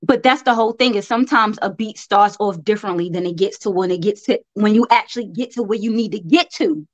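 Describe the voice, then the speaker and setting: A woman's voice: medium pitch, fast talker, dry recording. A woman from New York with a New York accent tinged with Southern country, co-hosting a podcast in casual, playful chat and laughing often. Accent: New York with some Southern country. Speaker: podcast co-host. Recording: dull, dry close recording.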